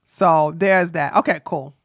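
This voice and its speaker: A woman host giving sassy, animated reaction commentary on a livestream, exclaiming and throwing in asides. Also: on the low side, measured pace, no echo, studio quality.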